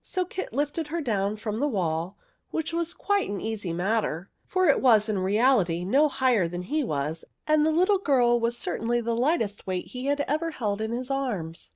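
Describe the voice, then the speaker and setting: A woman narrating a fairy story aloud in an expressive, gentle storytelling manner. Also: a little high, normal speed.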